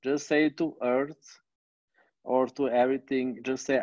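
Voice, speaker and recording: A man's voice: mid-range voice, level tone, a little slow, pauses often, a little mellow, no echo, dull audio. A man with a non-native accent, teaching an online class, emphatic and swearing often, on a video call. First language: Bosnian. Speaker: coach.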